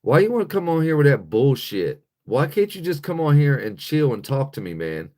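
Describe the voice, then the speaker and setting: A man's voice: a little high, sing-song, moderate pace, a little mellow. A man hosting a casual livestream, talking bluntly and profanely to his chat and laughing often. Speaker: livestream host.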